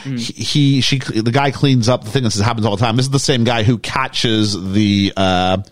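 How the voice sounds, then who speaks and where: A man's voice: medium pitch, normal speed, no echo, clean studio sound. A British man hosting a casual movie discussion, joking and rambling with lots of fillers. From United Kingdom. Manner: rambling, jokey, many fillers. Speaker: podcast host.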